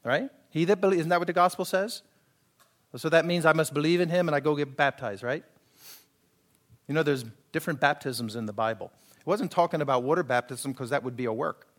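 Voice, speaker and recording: Guy preaching a sermon, chatty, keeps asking the church if they get it, voice a bit on the high side. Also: a little fast. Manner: conversational preaching, acts out quoted voices, asks the congregation for agreement. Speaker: pastor.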